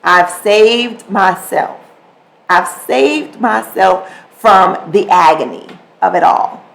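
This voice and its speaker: A woman's voice: medium pitch, takes it slowly, gravelly, rough recording. A woman hosting a podcast, talking casually about communication and acting out short examples as she goes. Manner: conversational, animated, acts out examples. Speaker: podcast host. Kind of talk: solo podcast talk on communication.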